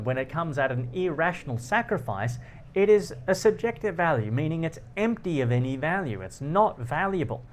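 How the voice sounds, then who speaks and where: A man hosting a philosophy talk, explaining ideas through personal stories, animated and often laughing. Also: fairly high pitch, a little hiss or hum. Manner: animated, laughs often, acts out quoted lines. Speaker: philosophy channel host. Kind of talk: explanatory monologue with personal anecdotes.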